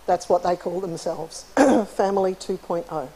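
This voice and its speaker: Mellow-voiced woman lecturing. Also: fairly low pitch, normal speed, low-quality recording. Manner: friendly and chatty, frequently clears her throat. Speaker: conference keynote speaker, psychologist. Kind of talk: conversational lecture. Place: university lecture hall.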